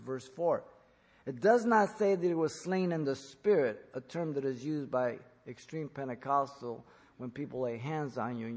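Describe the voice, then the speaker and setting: Husky-voiced preacher in a reverberant church. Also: male voice, fairly high pitch. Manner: emphatic, rising to loud peaks for quotes. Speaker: pastor. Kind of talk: expository sermon.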